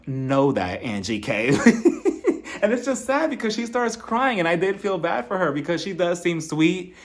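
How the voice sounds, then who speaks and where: A man's voice: sits high, very animated, a little slow. A man giving a casual, comedic recap of a reality show, chatty and sassy, laughing often.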